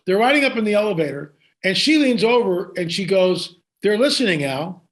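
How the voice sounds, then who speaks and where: High-voiced man telling a story excitedly. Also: a little fast. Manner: excited, with frequent restarts and asides. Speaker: guest. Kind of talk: animated storytelling in an interview.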